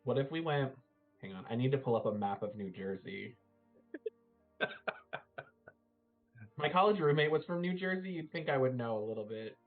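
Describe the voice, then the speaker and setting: A man talks through ideas for a tabletop game, rambling with frequent fillers. The sound is narrow and phone-like. Quiet music runs behind him. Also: mid-range voice, expressive, normal speed, long pauses. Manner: chatty, thinking aloud with many fillers. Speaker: player. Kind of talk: casual tabletop game planning. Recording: tinny, phone-like stream audio.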